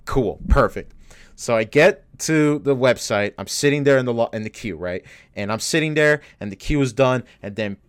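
A podcast co-host with a clean, mid-range voice tells a story in casual chat at a moderate pace with few pauses. He's profane and animated, swearing a lot and ranting in worked-up bursts.

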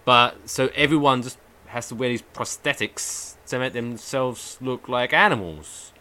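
A man co-hosting a podcast in casual chat, animated storytelling with free swearing. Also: medium pitch, measured pace. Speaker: podcast co-host.

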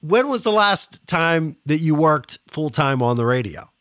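A man with a Pittsburgh accent hosts a loose, friendly chat, laughing easily and backing up to restart his thoughts. His voice sits a little high, and the recording is dry and close. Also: big pitch swings, a little slow, fairly bright tone, no echo. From Pittsburgh area. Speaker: podcast host. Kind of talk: casual interview chat.

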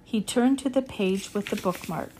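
A woman's voice: mid-range voice, normal speed, darkish tone, slight background noise. Woman reading a children's book aloud. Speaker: reader.

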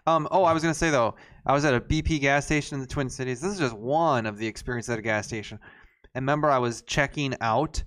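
A man chatting on a podcast, spinning a long, meandering anecdote full of fillers and false starts. His voice is smooth and clear, sitting in an ordinary middle pitch. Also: fast talker, fairly bright tone. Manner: rambling anecdotes with many fillers and restarts. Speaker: podcast co-host. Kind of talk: casual chat, storytelling.

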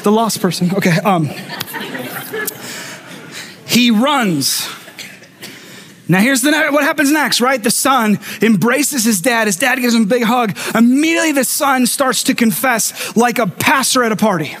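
A man's voice: extremely high pitch, lively intonation, unhurried, a bit bright. A male pastor delivering a sermon, telling stories with humorous asides and acting out the voices of the people he quotes.

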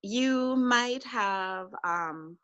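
Bright-voiced woman doctor guest. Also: medium pitch, lively intonation, extremely slow, dull audio. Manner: upbeat, chatty, self-amused. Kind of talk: interview conversation.

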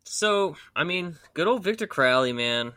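A man co-hosting a podcast, chatting casually about horror films in an animated way and laughing often. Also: a little high, unhurried, dry recording. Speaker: podcast co-host. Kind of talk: casual film chat.

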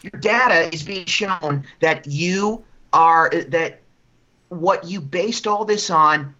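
A man's voice: fairly high pitch, takes it slowly, pushed and bright, dull audio. A man from New Jersey co-hosting a news podcast, giving indignant, mocking commentary that rises into outraged exclamations. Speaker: podcast co-host.

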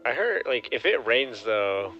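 A man's voice: medium pitch, big pitch swings, measured pace, lo-fi sound, faint music behind. A man co-hosting a podcast in casual chat, adding dry, wry remarks. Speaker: podcast co-host.

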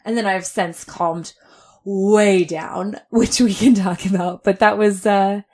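Podcast co-host, woman in her thirties, animated storyteller, mid pitch, laughs often. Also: takes it slowly. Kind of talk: casual chat.

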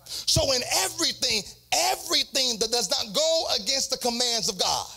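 A man's voice: extremely high pitch, animated, moderate pace, vocal fry, bright, forceful tone, breathy edge, faint music behind. A man preaching a sermon as pastor, in a sing-song cadence with repeated phrases.

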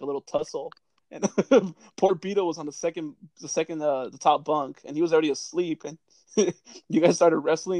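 A man's voice: a little high, no room sound. A young man hosting a casual chat, telling old service stories, swearing freely and laughing often. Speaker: podcast host.

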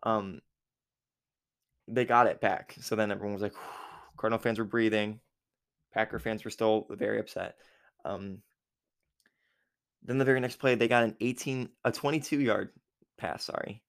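A man's voice: lowish voice, fairly even intonation, moderate pace, pauses often, clear, resonant tone. A man casually recapping a football game from memory, rambling with many fillers and self-corrections. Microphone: recording app with a time limit.

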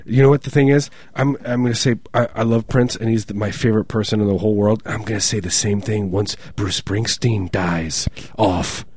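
A man's voice: fairly low pitch, fairly even intonation, normal speed, few pauses, a little mellow, husky. Jokey man chatting on a podcast. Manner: jokey, laughs often, acts out quotes in silly voices. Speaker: podcast co-host. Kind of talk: casual comedic chat.

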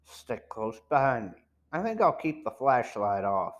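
A man voicing a cautious teenage boy detective in an audiobook, speaking low and hushed. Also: big pitch swings, unhurried. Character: tense teenage boy detective, older brother.

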